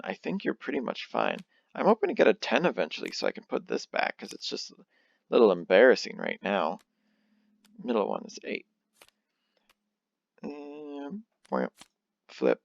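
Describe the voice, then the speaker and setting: Young male let's-play host, low gravelly voice, dry, dull lo-fi sound, rambles and pokes fun at himself. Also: dry recording. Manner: rambling, self-deprecating, thinks out loud. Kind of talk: casual gameplay commentary. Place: home. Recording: dull lo-fi home recording.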